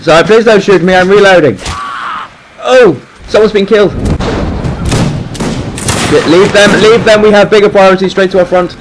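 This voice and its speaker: A young man giving excited gameplay commentary, swearing, laughing and shouting orders. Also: high-pitched, moderate pace, long pauses, background noise. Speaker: gaming video host.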